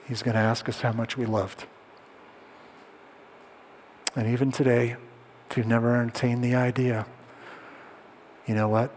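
A male pastor delivers a sermon in a voice of ordinary pitch, shifting between lively storytelling and quiet, hushed emphasis. His words ring out with a long reverb, as if spoken in a church hall. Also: unhurried, pauses often, slight background noise. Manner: storytelling, drops to soft hushed tones for emphasis.

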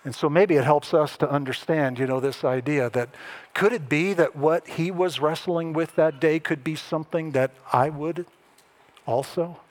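A man preaching a sermon as a pastor, conversational with wry asides and lively emphasis. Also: on the high side, moderate pace.

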